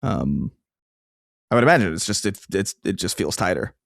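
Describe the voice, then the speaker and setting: A man co-hosting a podcast, chatting casually in an animated way with hesitant restarts. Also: low voice, moderate pace, gravelly, no echo, clean studio sound. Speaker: podcast co-host. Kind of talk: casual chat.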